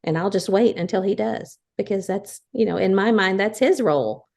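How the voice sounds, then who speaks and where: Speaking at a moderate pace with vocal fry and a somewhat dark, mid-range voice, this woman in her fifties co-hosts a relaxed podcast about faith. She lays out each point earnestly, one after another.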